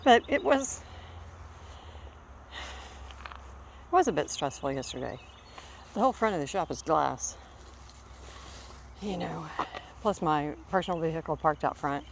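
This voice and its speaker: A woman's voice: sits low, lively intonation, a little slow, vocal fry, long pauses. Slightly breathless woman chatting on a walk. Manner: chatty, calls commands to her dog. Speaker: vlogger walking her dog. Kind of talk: casual walking vlog. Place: outdoors in a small town. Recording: noisy outdoor recording.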